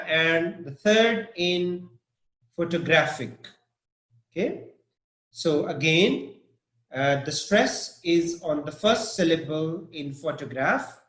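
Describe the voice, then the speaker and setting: Male English teacher, slow and halting, slightly high voice, echoey room. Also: fairly bright tone. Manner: slow, halting, many fillers and "okay?" checks. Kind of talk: live pronunciation lesson.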